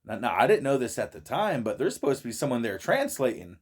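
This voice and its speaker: A man's voice: mid-range voice, very animated, fast talker, husky. Stammering, swearing man laughing a lot. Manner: stammering, repeats words, swears, laughs often. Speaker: vlogger reacting to a video. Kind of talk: casual profane monologue. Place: friend's shed.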